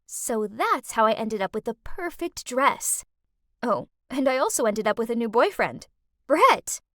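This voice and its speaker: Young woman narrator for an animated teen story, dramatic, confiding, high voice with wide swings. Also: normal speed, no room sound, clean studio sound.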